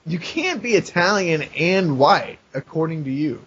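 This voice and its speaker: A man's voice: fairly high pitch, expressive, a little slow, fairly bright tone, highs cut off, slight background noise. A man co-hosting a podcast, arguing back in casual chat and swearing freely. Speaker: podcast co-host.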